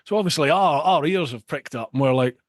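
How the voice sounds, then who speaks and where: Brief: middle-aged man, podcast host, animated casual storyteller, close dry mic. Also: on the high side, brisk, no room sound. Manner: animated, repeats words.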